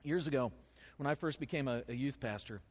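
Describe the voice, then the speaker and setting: A man preaching a sermon as pastor, folksy and animated, swinging between loud bursts and soft asides. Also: mid-range voice, a little fast. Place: church sanctuary with congregation. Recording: long hall reverb.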